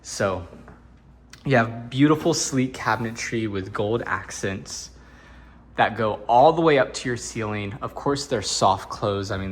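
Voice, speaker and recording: A fairly low-voiced man talks casually as he walks through an empty home as a real estate agent. His tone is upbeat and chatty, with joking asides. A faint hum of the room sits behind him. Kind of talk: casual walk-through tour narration. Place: indoors in an empty house, walking room to room.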